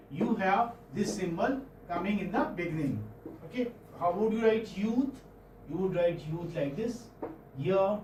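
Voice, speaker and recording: In an echoey classroom with the mic far off and a little hiss or hum, a man with a high, slightly mellow voice lectures on phonetics. He's patient, checking in with students often using "okay?" and "hmm?"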